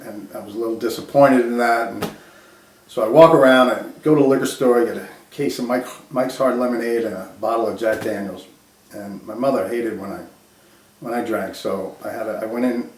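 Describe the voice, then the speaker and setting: A man's voice: medium pitch, a little mellow. Rambling man telling his story, echoey room. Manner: rambling, halting, many restarts and quoted asides. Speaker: storyteller recounting a personal crisis. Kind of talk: casual first-person storytelling. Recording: roomy echo, voice from a distance.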